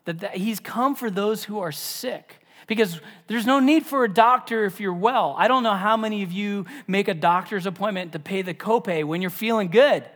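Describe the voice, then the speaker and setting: Slightly high-voiced male pastor preaching. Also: moderate pace, hardly any pauses, in a large hall. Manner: animated preaching, dropping to a whisper for emphasis. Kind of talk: sermon. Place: church.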